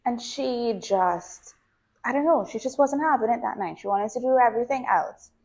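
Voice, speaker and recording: A young adult woman, a behaviour analyst guest, calmly explaining and telling stories from her own life in a casual podcast chat. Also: on the high side, moderate pace, gravelly, rough recording. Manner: calm, explanatory, tells personal stories. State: pregnant.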